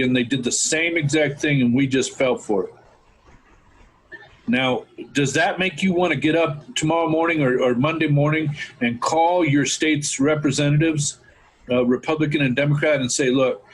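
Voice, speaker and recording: A man's voice: fairly high pitch, breathy edge, rough recording. A man hosting a talk show, ranting fervently and calling his listeners folks. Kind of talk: impassioned political talk.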